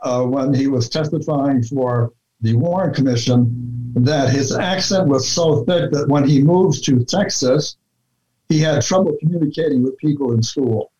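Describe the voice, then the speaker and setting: A man talking through his research in a relaxed interview, deliberate and full of fillers and restarts. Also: mid-range voice. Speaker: researcher guest. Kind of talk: conversational interview talk. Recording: dull lo-fi sound.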